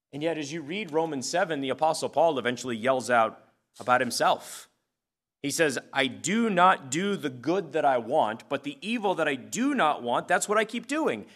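A man's voice: mid-range voice, fairly bright tone. A man preaching a sermon as pastor, earnest, reading scripture aloud with occasional fillers.

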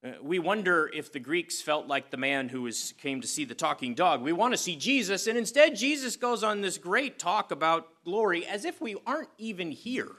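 A man giving a sermon as a pastor, moving from scripture reading and prayer into a conversational talk full of "uh" fillers. His voice sits a little high and rings bright and forceful. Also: very animated, normal speed, few pauses.

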